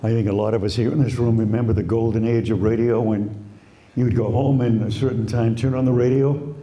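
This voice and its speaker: An older man with a Boston accent, a veteran radio broadcaster, telling stories about his career in a relaxed way to a live audience. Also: mid-range voice, a little fast, reverberant. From Quincy, Massachusetts. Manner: relaxed anecdotal storytelling, imitates voices. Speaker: retired radio broadcaster, guest. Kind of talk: storytelling at a live talk.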